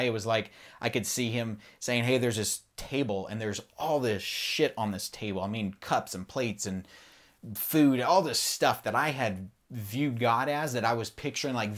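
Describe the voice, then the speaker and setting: A man's voice: medium pitch, a bit bright. A man on a podcast, candidly telling a personal faith story in an earnest, rambling way and swearing freely.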